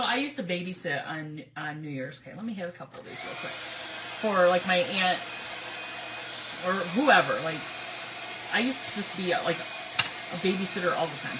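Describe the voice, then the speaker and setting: A woman's voice: medium pitch, background noise. A middle-aged woman from Michigan hosting a craft livestream, chatty, laughing often and greeting viewers by name. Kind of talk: casual livestream crafting chat.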